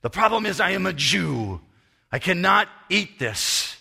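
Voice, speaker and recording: A man's voice: sits high, very animated, unhurried, gravelly, sharp tone, slightly rough, long reverb tail, pitched above the performer's own voice, exaggerated voice. A preacher voicing an angry, frail elderly Jewish man in a wheelchair, speaking with a thick Hebrew accent and complaining indignantly.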